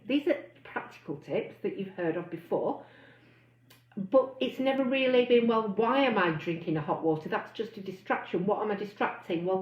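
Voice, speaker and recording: A woman weight-loss coach giving a chatty live online talk, reading out comments and acting out inner voices. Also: medium pitch. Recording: roomy, slightly dull sound.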